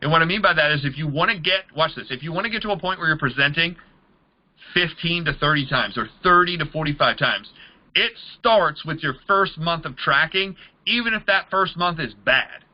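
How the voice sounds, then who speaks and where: A man's voice: a little high, animated, a little fast, lo-fi sound. A man leading a motivational sales training, talking in an emphatic, repetitive coaching manner. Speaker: MLM trainer.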